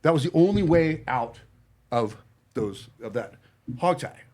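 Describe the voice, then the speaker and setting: A man recounts his story in loose, casual talk with a voice sitting somewhat high for a man. He swears bluntly and often, with frequent ums, uhs and broken-off restarts. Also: lively intonation, darkish tone. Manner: blunt, profane, halting with fillers and restarts. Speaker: podcast guest telling his story. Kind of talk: casual storytelling among friends.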